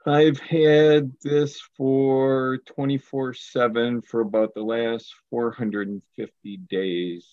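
A man taking part in a live online session, speaking slowly and with formal politeness. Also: mid-range voice, little pitch movement, darkish tone, dry recording, lo-fi sound. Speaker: caller. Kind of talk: live call-in participant.

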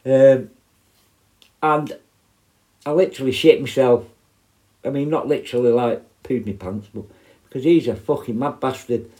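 A man's voice: medium pitch, fairly even intonation, normal speed, pauses often, mellow. A middle-aged man, telling prison stories in a blunt, sweary, rambling way. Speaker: former prison officer. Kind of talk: casual storytelling.

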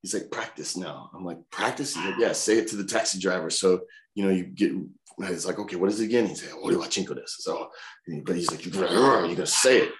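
A man telling animated stories as an interview guest, acting out other people's voices. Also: low voice, fast talker, reverberant. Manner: animated, acts out voices in anecdotes. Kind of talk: casual storytelling in an interview.

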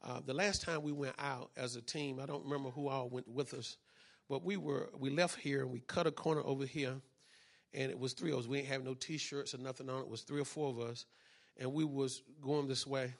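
A man pastor preaching a sermon and telling a testimony in church, using call and response and building from quiet to loud. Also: medium pitch, steady tone, brisk, creaky.

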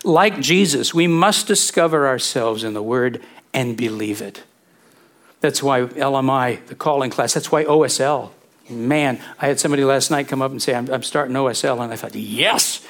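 A middle-aged man preaching a sermon in a lively, conversational way, full of rhetorical questions. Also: medium pitch, moderate pace. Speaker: pastor.

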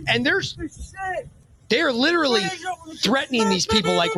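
Excitable, foul-mouthed high-voiced man. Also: moderate pace, long pauses, a crowd in the background. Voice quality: loud, excitable, swearing freely. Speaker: podcast co-host. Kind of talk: crude, profane casual commentary.

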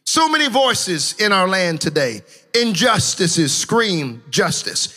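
A man preaching a sermon as pastor, impassioned, with a sing-song cadence that swings from shouts to low, hushed lines.

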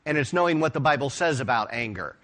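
A pastor preaching a sermon, retelling stories with emphatic, expressive delivery. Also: male voice, medium pitch, fast.

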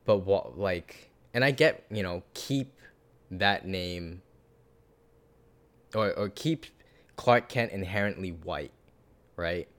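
Deep-voiced man in rambling casual chat. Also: takes it slowly, pauses often. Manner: rambling, animated, swears casually. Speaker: podcast co-host.

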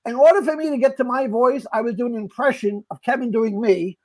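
Stammering, animated man telling stories. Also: very high voice, brisk. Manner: animated, acts out quoted voices, stammering restarts. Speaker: comedian and actor guest. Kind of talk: casual storytelling chat.

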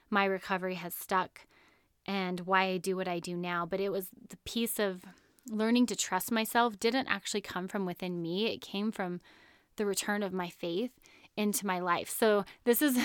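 A woman's voice: medium pitch, a bit bright, clean tone, no echo, studio quality. A woman in her thirties hosting a podcast, telling a personal story in an earnest, chatty way and laughing often. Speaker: podcast host.

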